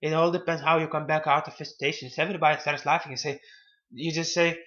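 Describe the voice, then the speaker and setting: Male self-help presenter, slightly high voice, halting and repetitive delivery, dull lo-fi audio. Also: fairly even intonation, sharp tone. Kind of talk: casual advice talk.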